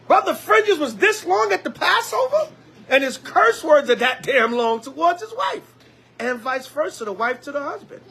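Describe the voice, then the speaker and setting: A man preaching a Bible lesson as an elder, lively, with call-and-response and acted-out quotes. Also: very high-pitched, fairly quick, husky.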